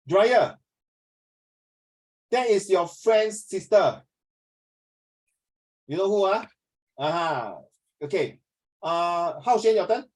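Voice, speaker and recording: A man's voice: high-pitched, expressive, slow pace, long pauses, a little mellow, rough recording. A middle-aged man with a Singaporean accent, lecturing students in an online class. He is earnest and preachy, and he slips Mandarin phrases into his English. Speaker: teacher.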